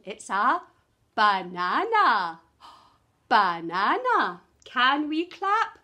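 A woman's voice: fairly high pitch, huge pitch swings, drawn-out words, pauses often, sharp tone. A woman leading a sing-song early years lesson, gasping and dropping to whispers for suspense before clapping out syllables with the children.

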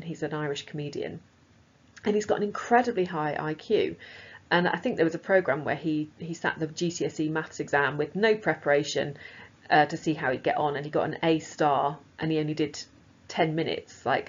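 A woman teacher explaining a lesson in a casual, chatty way, with frequent fillers. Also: low voice. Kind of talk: recorded lesson. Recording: slightly dull lo-fi sound.

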